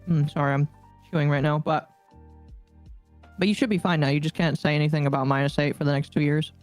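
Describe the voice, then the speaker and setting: A podcast co-host chatting over a call with dry, amused reactions, at a mid pitch. Faint music plays in the background. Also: steady tone, fast. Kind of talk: casual chat.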